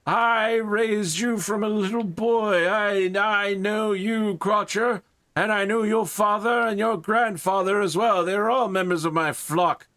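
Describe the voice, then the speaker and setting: A scolding old priest, high and slow with outrage, as a man puts him on. He lectures hard, with a bright and tense edge. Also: fairly even intonation. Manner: indignant, scolding.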